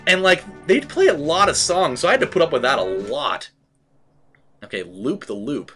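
Chatty guy doing a let's play, voice on the high side, swears a lot, rambles, music going underneath. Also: expressive, normal speed. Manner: rambling, profane, says "like" and "dude" a lot, shouts at the game. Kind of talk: casual gaming commentary.

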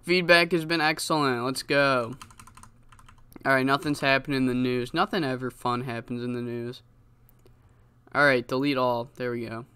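A man's voice: mid-range voice, steady tone, normal speed, long pauses, sharp tone, clean tone. A man giving casual, rambling commentary on a wrestling game, swearing often. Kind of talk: casual let's-play commentary.

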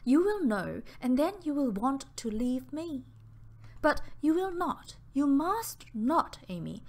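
A woman reading the part of an anxious, pale young woman who pleads in a halting, breathless way, repeating her words. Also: mid-range voice, big pitch swings. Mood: fearful, pleading.

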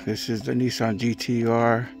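A man's voice: mid-range voice, level tone, normal speed, a little mellow, soft background music. A man from California in casual commentary as he walks a hobby store, muttering laid-back reactions and ranting about prices. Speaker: diecast collector vlogger.

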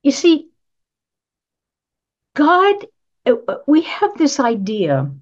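The sound is lo-fi as a woman minister with a high voice preaches very slowly, her pitch swooping wildly. Speaking conversationally in a church sanctuary, she asks rhetorical questions and repeats key phrases to drive them home.

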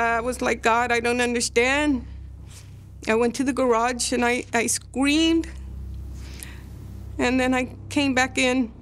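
Slow-speaking older grandmother, halting. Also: sits high, slight background noise. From Texas. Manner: halting and emotional, with frequent restarts. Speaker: grandmother interviewee. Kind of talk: documentary interview.

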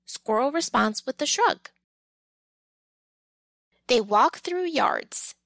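A woman reading a children's picture book aloud, with gentle, expressive storytelling. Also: high-pitched, slow pace, vocal fry, no echo, low-quality recording. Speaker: storybook reader.

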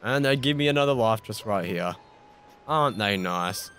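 A man's voice: lowish voice, lively intonation, normal speed, a bit bright. An Australian man giving casual, self-mocking commentary as he plays a video game, swearing mildly and laughing at his own mistakes. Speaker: gaming YouTuber. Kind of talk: casual let's-play commentary.

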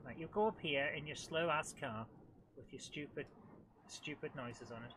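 A woman with a head cold, hosting a live let's-play and chatting excitably to the game, often laughing. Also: a bass voice, normal speed, a little hiss or hum. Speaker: host of a retro gaming channel.

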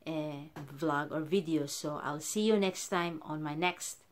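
Chatty woman vlogger, lowish voice. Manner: chatty, keeps calling viewers "guys"; halting, frequent restarts. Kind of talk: casual chat to camera.

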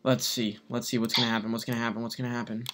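A man's voice: medium pitch, flat delivery, racing, background noise. A young man chatting casually with a friend while watching a game, teasing and laughing a lot. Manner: teasing, laughing, repeats jokes. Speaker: channel host watching a game show. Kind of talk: casual gaming chat with a friend.

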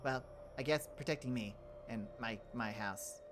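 A woman hosting a game role-play series in character, animated and swinging between alarm and calm musing. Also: very deep voice, measured pace, background noise. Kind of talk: in-character role-play chat with a channel outro.

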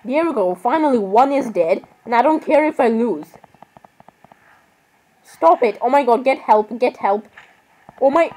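A woman's voice: fairly high pitch, lively intonation, unhurried, long pauses, warm tone, rough recording. A young woman chatting casually while she plays a game online, rambling and exasperated, apologizing over and over. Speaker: gaming vlogger. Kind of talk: casual gaming commentary.

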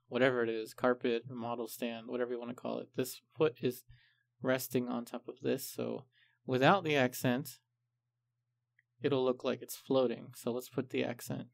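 A man calmly explaining each step of a painting tutorial, unhurried and methodical. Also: mid-range voice, vocal fry, dry recording. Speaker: art instructor.

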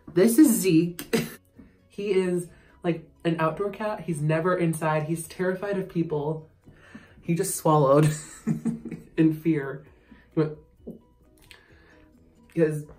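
A man's voice: on the high side, darkish tone, roomy sound. A young man chatting casually in a vlog, giggly and prone to yelps, recorded in a home bathroom. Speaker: vlogger.

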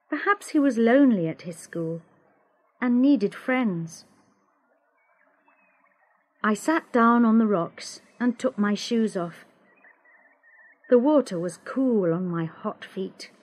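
Woman reading an english learner story aloud, slow and clear, pitch moves a lot, a bit high. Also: animated. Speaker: audiobook narrator.

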